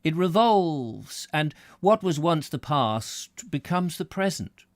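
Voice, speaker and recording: A man voicing a pompous, self-satisfied male spirit medium who hesitates and stammers, then speaks slowly and grandly. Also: mid-range voice, big pitch swings, dry recording, studio quality, voice pushed up. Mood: grandiose.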